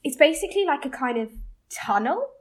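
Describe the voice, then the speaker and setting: A woman's voice: sits high, a little fast. A young woman, a guest, chatting and storytelling with lots of laughter. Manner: giggly, animated storytelling. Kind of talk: casual chat.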